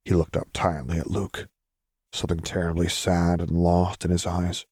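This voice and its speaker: Male audiobook narrator, deep, steady and unhurried, dry sound. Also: husky, dry recording. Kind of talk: scripted fanfiction narration.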